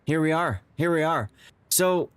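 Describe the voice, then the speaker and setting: A man's voice: a little high, unhurried, clear, resonant tone, no echo. A man streaming live to his viewers, emotional and stammering, repeating himself as he thanks them. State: tearing up. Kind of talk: excited live-stream chat.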